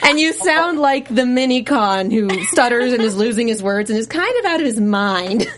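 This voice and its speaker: A woman's voice: a little high, expressive, moderate pace. A woman hosting a live panel, bubbly and exclamatory, laughing with the guests. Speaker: panel host. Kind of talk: casual panel talk. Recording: noisy panel mic.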